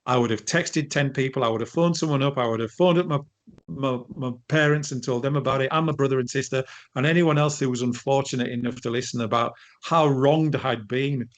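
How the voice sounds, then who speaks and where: A middle-aged man, talking as a guest in an interview, telling animated stories with frequent restarts. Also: medium pitch, a little fast. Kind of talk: conversational interview.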